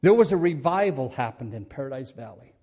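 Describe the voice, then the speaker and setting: A man's voice: mid-range voice, animated, a little fast, darkish tone, husky, muffled recording. An older man giving a rambling, homespun church testimony into a headset mic, often chuckling and restarting words. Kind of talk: folksy testimony storytelling.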